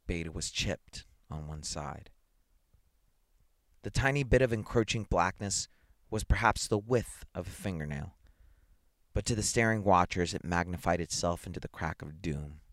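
A man reading a science fiction story aloud in a measured, dramatic way. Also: low voice, a bit bright, dry recording, studio quality. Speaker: reader.

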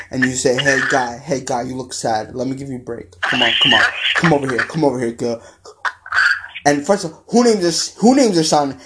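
A male podcast host ranting angrily about football, repeating himself and swearing. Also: medium pitch. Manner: angry, repetitive, profane ranting. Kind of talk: ranting sports podcast talk.

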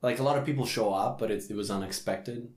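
A man hosting a podcast and doing stand-up, talking in a casual, joking way with animated storytelling and self-mocking banter. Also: lowish voice, fast. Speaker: podcast host and stand-up comedian. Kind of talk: casual chat. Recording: roomy echo.

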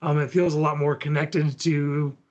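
A man's voice: on the high side, level tone, moderate pace, muffled recording. A man co-hosting a podcast, casually walking listeners through gaming material in an easygoing way. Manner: easygoing, walks through steps. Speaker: podcast co-host. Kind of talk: casual tabletop gaming chat.

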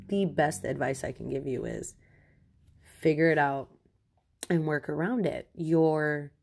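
A woman's voice: low voice, a little mellow. A young woman hosting a podcast from home, giving frank and rambling advice with frequent laughs. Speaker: podcast host.

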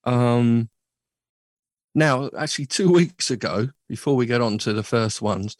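A man's voice: mid-range voice, unhurried, no echo. Chatty, jokey male podcast host. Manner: chatty and jokey, rambling asides. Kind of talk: casual chat show.

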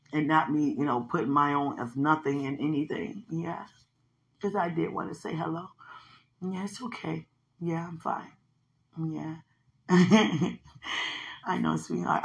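A woman giving a rambling, emotional, faith-filled spoken message to a minister, full of "you know" and swinging between soft talk and tearful laughing. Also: low voice, husky.

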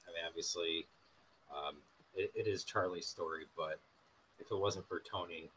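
A man co-hosting a casual movie podcast, with a very deep, low voice. He speaks in a measured, hesitant way with plenty of fillers. Faint noise hums behind him. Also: fairly even intonation, fairly bright tone, poor audio. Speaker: podcast co-host.

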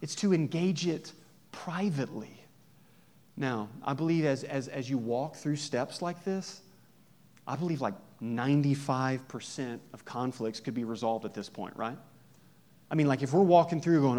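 A man's voice: fairly high pitch, very animated, normal speed, a little mellow. A man pastor preaching a conversational sermon, joking and asking his listeners many questions.

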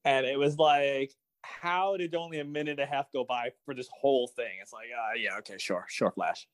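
A man's voice: mid-range voice, moderate pace, dry recording. A young adult man co-hosting a podcast in casual chat, wry and incredulous, often restarting his sentences. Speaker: podcast co-host.

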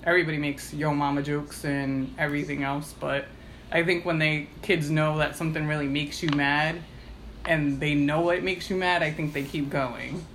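A woman's voice: deep voice, fairly even intonation, moderate pace, a bit bright, slight background noise. Woman cohost on a podcast, rambly, lots of "like" and "i mean". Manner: rambling, filler-heavy storytelling. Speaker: podcast co-host. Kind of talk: casual podcast discussion.

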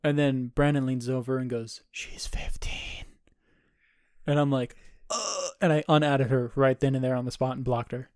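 A man's voice: medium pitch, flat delivery, fast, hardly any pauses, darkish tone, smooth, no echo, studio quality. A man in his twenties, co-hosting a podcast and telling a rambling, profane party story in casual chat. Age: 20s. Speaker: podcast co-host.

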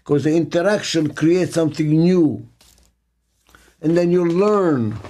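A man's voice: a little high, unhurried, dark tone. An older man giving a motivational talk as speaker and author, emphatic and fond of repeating his key phrases.

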